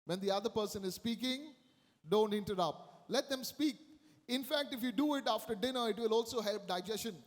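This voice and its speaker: A man's voice: high voice, a little fast, long reverb tail. A man preaching a sermon as a priest, emphatic and repeating his key phrases.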